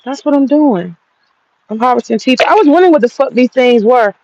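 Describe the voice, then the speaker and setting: Excitable woman gardening. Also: high-pitched, brisk, dry recording, highs cut off. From Georgia, US. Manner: excitable, chatty, swears freely. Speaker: gardening vlogger. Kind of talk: casual outdoor vlog. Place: outdoor home garden.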